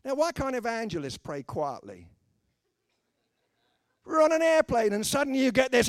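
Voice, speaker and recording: Preaching a funny sermon, this British man acts out the people in his stories with dry, self-deprecating wit. His voice is extremely high and sing-song, moving a little fast, and the recording is dry.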